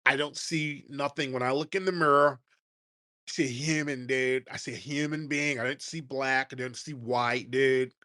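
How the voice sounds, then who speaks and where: A man's voice: medium pitch, fairly even intonation, moderate pace, sharp tone, close to an everyday voice. A man voicing a mocked, rambling male caller who keeps saying "dude". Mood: mocking. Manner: drawling, repeats "dude".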